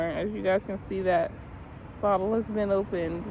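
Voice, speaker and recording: A woman's voice: mid-range voice, steady tone, normal speed, darkish tone, muffled recording. Young woman, casual outdoor vlog, rambling, swearing, phone mic, faint traffic behind. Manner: loose, profane, laughing, musing aloud. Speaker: vlogger. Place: outdoors, seated in a parking lot.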